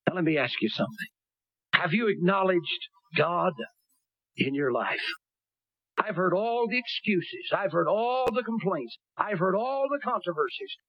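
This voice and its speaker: Fiery preacher man, high and swooping. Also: lively intonation, measured pace, no echo, highs cut off. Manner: fervent, rising to shouts and dropping low. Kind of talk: sermon.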